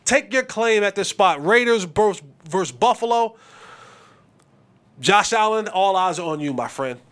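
A high-voiced man talking sports casually on his own show. He is animated and blunt, making quick picks and trash talk. He stumbles over words and repeats himself as he goes. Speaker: podcast host and former receiver.

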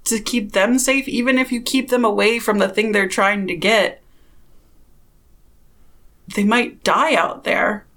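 A woman's voice: medium pitch, steady tone, unhurried, long pauses, a bit bright, pitched above the performer's own voice. A woman voicing a blunt, wary young adventurer who pushes with hard questions. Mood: pushy.

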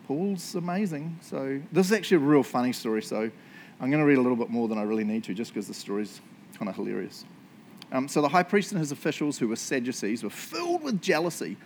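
A pastor delivers a casual sermon in a mid-range, darkish voice with a sing-song lilt, talking fast. He's chatty and jokes often, tacking "right?" onto his points, and there's a faint hiss or hum in the recording.

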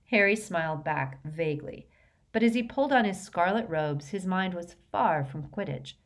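A woman with a fairly low voice reads a storybook aloud. She narrates at a steady, even pace, moving smoothly from scene to scene. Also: normal speed. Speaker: audiobook reader.

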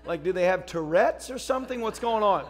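High-voiced preaching pastor, faint music. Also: male voice, lively intonation, a little fast. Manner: storytelling preacher, rising to shouts. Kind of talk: sermon. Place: church service.

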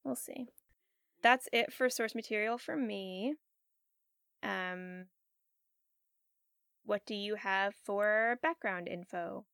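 Brief: woman co-host, giggly and halting, mid pitch, very dry sound. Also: gravelly, a bit bright, clear, resonant tone, no echo. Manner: giggly, hesitant, lots of um and like. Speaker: podcast co-host. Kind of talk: casual chat.

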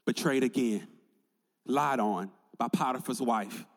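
A man's voice: medium pitch, unhurried, vocal fry, long reverb tail. A male pastor preaching a sermon in an emphatic, conversational way, building points through repetition.

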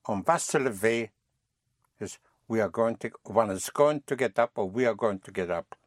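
A man teaching a recorded language lesson, patiently drilling phrases, repeating them and gently correcting his students. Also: fairly low pitch, normal speed, no echo, clean studio sound.

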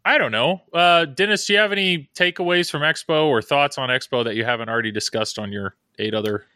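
A man's voice: mid-range voice, brisk, bright, forceful tone, clear, resonant tone, no room sound, clean studio sound. A man hosting a podcast in casual chat, rambling and joking at his own expense. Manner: rambling, joking, self-deprecating. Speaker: podcast host.

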